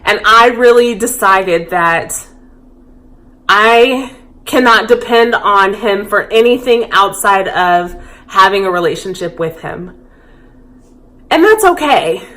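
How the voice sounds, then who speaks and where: Woman, thirties, mid-pitched; candid confessional vlogger, thoughtful and open. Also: slow, sharp tone. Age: 30s. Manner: candid, reflective, heartfelt. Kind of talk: personal confessional vlog.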